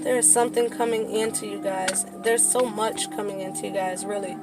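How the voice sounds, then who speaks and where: A woman's voice: mid-range voice, fairly even intonation, a little fast, over loud music. A woman giving a tarot reading to her viewers, speaking casually and sometimes swearing, then getting worked up and preaching. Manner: impassioned, rising into preaching; profane, casual. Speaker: tarot reader.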